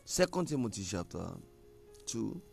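A man preaching a sermon, emphatic, with a gravelly voice. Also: mid-range voice, sing-song, measured pace, soft background music. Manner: emphatic, rising to loud scripture reading.

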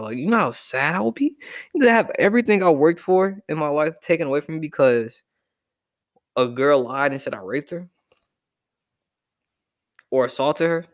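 A young man ranting casually to camera, animated and profane as he reacts to a list. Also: on the high side. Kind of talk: casual rant.

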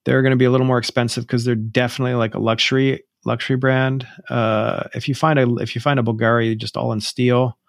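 A man co-hosting a podcast, his voice gravelly at mid pitch. He chats casually and rambles, often restarting his phrases. The sound is close and dry. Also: flat delivery, fast, few pauses, no echo. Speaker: podcast co-host. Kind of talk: casual chat.

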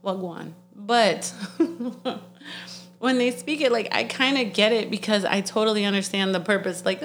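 A woman's voice: medium pitch, a little slow, faint music behind. A woman with a Puerto Rican accent, telling stories in a casual chat with lots of swearing and laughter. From Puerto Rico. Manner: animated, profane, laughing storyteller.

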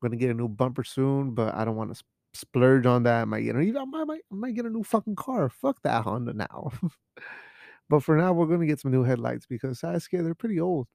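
A man's voice: mid-range voice, expressive, fairly quick, vocal fry, a little mellow, no room sound. A young man hosting a show in a home studio, rambling casually and swearing, with Spanish words mixed in. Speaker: podcast host. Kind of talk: casual chat.

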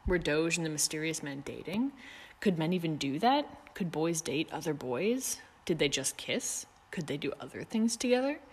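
A woman narrating a chapter of fan fiction in a measured, softly expressive reading. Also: low-pitched, husky. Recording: long reverb.

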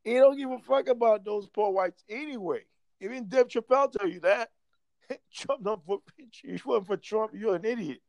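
A man's voice: high-pitched, moderate pace, creaky, darkish tone, dry recording, dull audio. A man in casual chat who talks in a rambling, profane way and laughs often.

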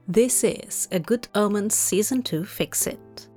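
A woman reading a fanfiction story aloud in measured, gently wry scripted narration. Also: mid-range voice, animated, faint music behind. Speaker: podfic reader.

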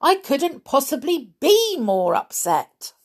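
A woman's voice: medium pitch, lively intonation, slow, husky, exaggerated voice. A woman voicing an upset, determined little girl mouse who talks indignantly and anxiously.

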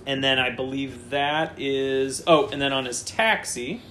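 A man with an ordinary mid-range voice hosts a casual fantasy football chat. He reads out player lists in quick runs and drops jokes between them. A faint hiss sits under the recording. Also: mid-range voice, sharp tone. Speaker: fantasy football podcast host.

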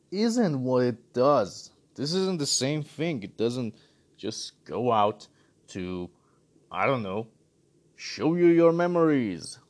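A man giving a casual, exasperated movie review full of sarcasm. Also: a little high. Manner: animated, exasperated critique with sarcasm.

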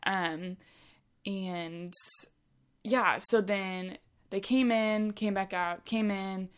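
A woman's voice: mid-range voice, fairly even intonation, drawn-out words, clear, resonant tone. A young woman telling a story in casual chat, chatty with many fillers.

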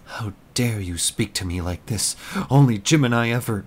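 A man's voice: fairly low pitch, normal speed, pitched above the performer's own voice, close to an everyday voice. A man voicing a grieving woman commander who pleads and demands in a raised voice. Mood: stunned.

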